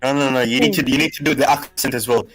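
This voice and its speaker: A man's voice: mid-range voice, steady tone, fast talker, a bit bright. A man joining a casual football chat as a guest, speaking in a playful, teasing way.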